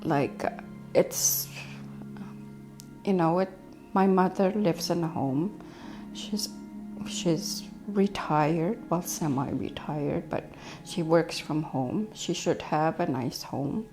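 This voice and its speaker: A middle-aged woman telling family stories in a documentary interview, reflective and soft-spoken with whispery asides. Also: deep voice, slow, soft background music. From First Nations community in Canada.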